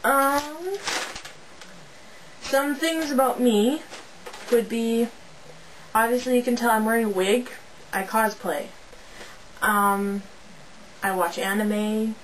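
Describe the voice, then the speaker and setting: A woman's voice: on the high side, steady tone, slow pace, pauses often, a little hiss or hum, poor audio. A young woman from Canada, a teenage fan club moderator, chatting in a bubbly, rambling way into a camera's built-in mic at home. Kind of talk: casual webcam vlog.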